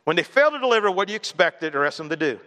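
Preacher in a reverberant hall. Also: male voice, sits high, sing-song, fast talker, pushed and bright. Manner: conversational storytelling preacher, mimics others with a raised voice. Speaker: pastor. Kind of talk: sermon.

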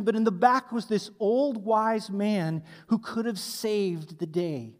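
A male pastor preaching a sermon with animated, emphatic delivery and asking the congregation to fill in blanks. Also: high voice, takes it slowly, hardly any pauses. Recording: long hall reverb.

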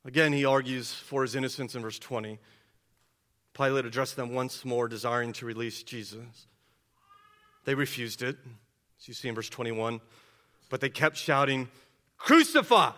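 A man preaching an expository sermon, asking rhetorical questions and dropping low and quiet for emphasis. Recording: long hall reverb.

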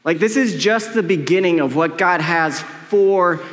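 Middle-aged male pastor, high voice, chatty and joking sermon, echoey hall. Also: a little slow. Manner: casual, joking, heavy use of "like". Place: church hall with long reverb. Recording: echoey church hall with long reverb.

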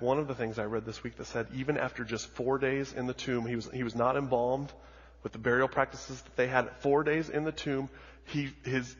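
A man preaching a sermon as a pastor, telling the story dramatically with lots of repetition and moving between hushed and loud delivery. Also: medium pitch, husky. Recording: dull audio with long hall reverb.

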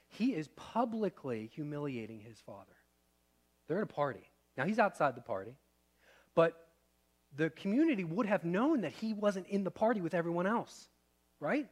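A pastor in his thirties preaches conversationally, asking the room questions and shifting between loud and soft. His voice is on the high side, very animated, at a moderate pace.

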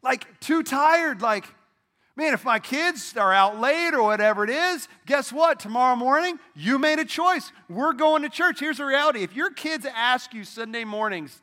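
A middle-aged man preaching a sermon from a church stage, casual and lively, leading the congregation in call-and-response. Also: very high voice, normal speed. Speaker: pastor.

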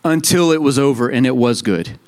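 A man's voice: medium pitch, fairly quick, darkish tone. A man in his thirties preaching a sermon in a conversational way, telling stories and acting out quoted voices. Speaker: pastor.

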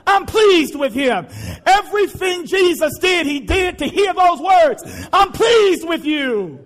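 A male pastor preaching a sermon, impassioned and repetitive, often shouting to the congregation. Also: very high voice, sing-song, slow.

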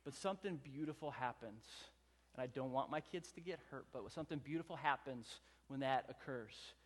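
A man's voice: mid-range voice, brisk, big-room sound. A pastor in his thirties preaching a sermon, telling stories earnestly and building emphasis through repeated phrases. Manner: earnest storytelling, rising emphatic repetition.

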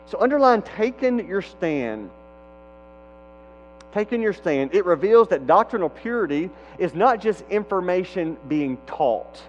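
Male pastor, high voice, emphatic sermon delivery with stammered restarts; long hall reverb, faint mains hum. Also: big pitch swings, a little slow, muffled recording. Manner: emphatic, repeats key questions, occasional stammered restarts.

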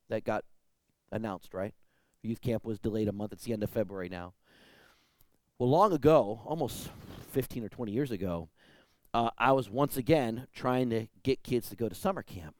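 A man preaching a sermon with stories, lively and conversational, often checking in with "right?" and "you know?". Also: no room sound. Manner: lively, swings pitch and loudness for emphasis. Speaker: pastor. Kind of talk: sermon with storytelling.

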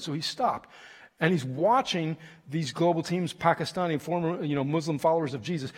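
A man preaching a sermon with stories, animated and emphatic, with fillers and restarts. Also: fairly high pitch, husky. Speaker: visiting preacher from a mission group. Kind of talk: sermon with storytelling. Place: church sanctuary. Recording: long reverb of a large room.

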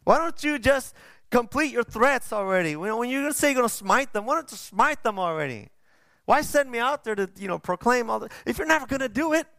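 A man in a sermon voicing a sulking, indignant prophet who complains to God in quick, whiny outbursts. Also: extremely high pitch, lively intonation, vocal fry, a bit bright, no room sound, clean studio sound, voice pushed up, heavily acted. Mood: exasperated. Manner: whiny, exasperated, rapid outbursts. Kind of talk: sermon with acted quotes.

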